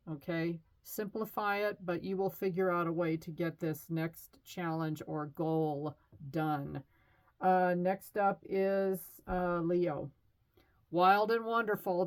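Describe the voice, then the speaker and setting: A middle-aged woman talks through a casual tarot reading in a slightly low voice. She is chatty and reassuring, with easy fillers along the way. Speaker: tarot reader.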